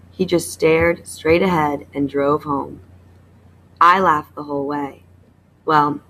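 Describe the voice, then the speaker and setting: A woman teacher reading a novel aloud to her class in a plain, even manner, stopping to explain a writing task. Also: low voice, slight background noise, low-quality recording.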